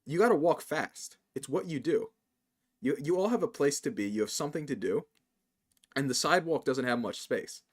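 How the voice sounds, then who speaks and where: A man from New rants in casual stream chat, saying "like" constantly. His voice sits a little high and moves in a lively way. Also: moderate pace. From New York. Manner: animated ranting, says "like" a lot, laughs often.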